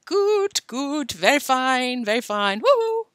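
A woman voicing a wild boy who acts like a crazed bird, in shrill, screeching squeals. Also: big pitch swings, slow pace, a bit bright, no echo, studio quality, full character voice. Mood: manic.

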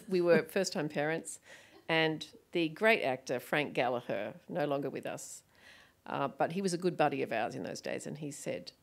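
Gravelly woman telling anecdotes. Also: sits low, normal speed. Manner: animated storyteller acting out quoted voices, laughing often. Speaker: guest author and film director. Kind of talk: stage conversation, anecdotal storytelling.

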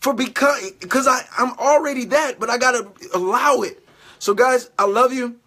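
A man's voice: very high-pitched, moderate pace, sharp tone. A man giving motivational faith talk to his camera, exhorting and repeating himself, often checking in with "all right?". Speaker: faith vlogger.

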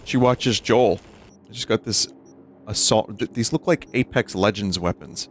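A man's voice: fairly low pitch, a little slow, a little hiss or hum. Joking, foul-mouthed male streamer. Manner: joking, profane, talks to chat. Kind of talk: casual gameplay commentary.

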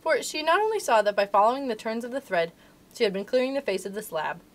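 A woman, a librarian, reading a storybook aloud to children in an expressive, animated way. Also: fairly high pitch, fast.

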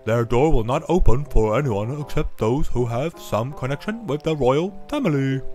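A man voicing a wise old talking owl guide, slow, hooting and solemn. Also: medium pitch, animated, darkish tone, soft background music, natural voice.

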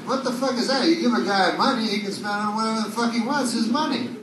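A man doing stand-up comedy, deadpan and rambling, with hesitant fillers. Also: high-pitched, fast, noisy background. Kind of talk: stand-up routine. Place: comedy club. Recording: bootleg club recording from far off, echoey with loud crowd. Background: audience laughter.

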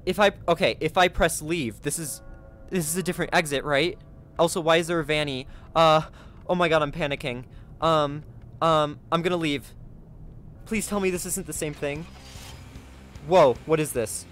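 A man narrating his own game playthrough for his viewers, chatty and quick to get excited. His voice sits a little high, and he gasps and cheers as he goes, with soft music playing faintly underneath. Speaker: gaming video creator. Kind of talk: let's play commentary.

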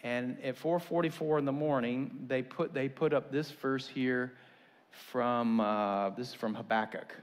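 Pastor, male, relaxed chatty preaching with asides, mid-range voice. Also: medium pitch, unhurried, in a large hall. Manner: conversational, folksy preaching with restarts and asides. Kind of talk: sermon.

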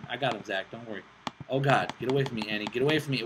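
A young man hosting casual gameplay commentary, excitable and self-mocking, swearing often while playing on a laptop with friends nearby. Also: medium pitch, quick pace. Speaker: gaming channel host. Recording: steady background noise with mouse clicks.

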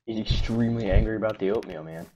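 A man playing a game with a friend, laughing and teasing while he steers him around. His voice comes through a mic with clear noise hissing behind it. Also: fairly low pitch, level tone, quick pace. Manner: laughing, teasing, giving directions. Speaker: gamer. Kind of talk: casual chat while gaming. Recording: noisy mic line.

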